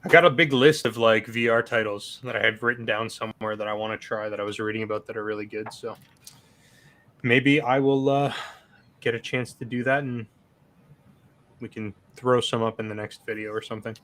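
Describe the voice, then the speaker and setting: A man with a low voice and a bright, forceful edge, chatting casually on a stream. He is easygoing but blunt, and does not soften his opinions. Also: fairly even intonation, a little fast. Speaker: co-host. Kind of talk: casual live-stream chat.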